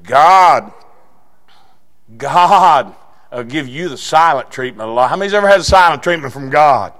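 High-voiced folksy preacher. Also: male voice, lively intonation, normal speed. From southeastern Indiana. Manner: folksy storytelling with bursts of shouting. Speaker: pastor. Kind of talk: sermon.

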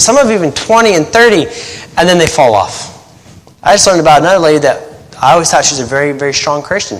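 A man in his thirties gives a casual sermon, a pastor talking to his church in a loose, joking way and slipping into little acted-out quotes. His voice sits a bit high for a man. The sound rings with the long reverb of a church hall. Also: a bit bright. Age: 30s. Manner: conversational, joking, acts out quotes. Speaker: missionary pastor.

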